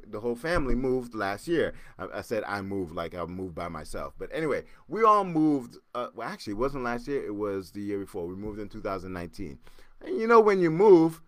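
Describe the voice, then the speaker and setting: A man hosting his podcast, telling a story casually with lively repeats and acted-out sounds. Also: mid-range voice, no echo, studio quality. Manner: animated, repeats words and acts out sounds. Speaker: podcast host.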